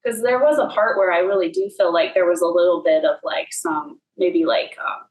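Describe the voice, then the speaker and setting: A woman's voice: on the low side, normal speed. Woman telling a story in an echoey room. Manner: casual storytelling with many fillers. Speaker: guest. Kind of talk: personal faith testimony.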